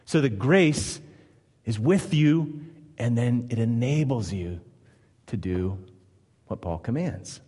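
Man preaching, emphatic, voice goes up and down a lot, middle pitch, big echoey room. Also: lively intonation, slow pace, long pauses, mellow, slightly rough. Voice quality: emphatic, rhetorical questioning. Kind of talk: sermon.

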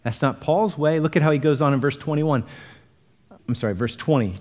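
A man's voice: fairly high pitch, brisk, darkish tone, big-room sound. A male pastor preaching an earnest expository sermon, explaining scripture verse by verse to his congregation.

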